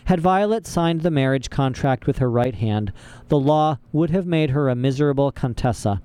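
A man's voice: mid-range voice, lively intonation, moderate pace, mellow, clean tone. A man reading a storybook aloud as narrator, with dry, wry asides. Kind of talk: audiobook narration.

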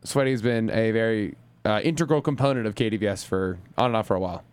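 A man co-hosting a college radio show, chatting in an excitable way and often trailing off into asides. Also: lowish voice, fast talker, clean tone. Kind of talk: casual radio chat.

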